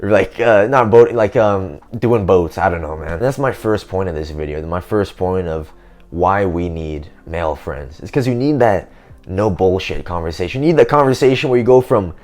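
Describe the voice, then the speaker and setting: A young man with a deep, low-set voice talks straight to camera in a loose, rambling vlog. His speech is slangy and full of "man" and "dude". He sounds like someone thinking out loud. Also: moderate pace. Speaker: self-improvement vlogger. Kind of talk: casual vlog monologue.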